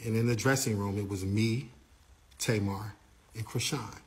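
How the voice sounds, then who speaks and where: A man working as a tour manager, retelling events in a casual, animated way and quoting the people involved. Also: lowish voice, measured pace. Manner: animated storytelling, quoting others.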